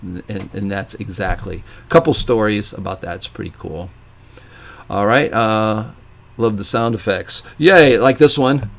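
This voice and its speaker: A man's voice: unhurried, vocal fry. Rambling middle-aged man hosting a live Q&A. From Ohio, USA. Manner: animated storyteller, acts out quoted voices with big pitch jumps; rambling with frequent restarts and fillers. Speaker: live stream host answering viewer questions. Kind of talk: casual live Q&A monologue.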